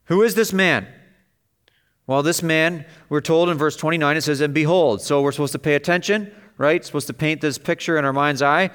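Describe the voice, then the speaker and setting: A man's voice: brisk, fairly bright tone, smooth. A man preaching an expository sermon in an emphatic way, his voice rising as he stresses vivid passages. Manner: emphatic, rises in pitch and volume on vivid passages.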